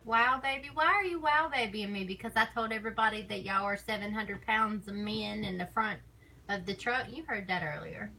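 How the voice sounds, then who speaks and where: A woman's voice: mid-range voice, moderate pace, gravelly, sharp tone, slight background noise, low-quality recording. A woman with a Southern US accent chatting casually on a live stream, laughing often and teasing. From American South.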